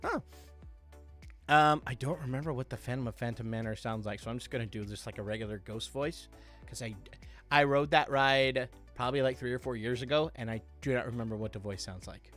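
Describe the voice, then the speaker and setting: A man's voice: mid-range voice, fairly quick, fairly bright tone, faint music behind. A young man hosting a live stream, chatting casually and reading out viewer requests. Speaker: livestream host doing voice impressions.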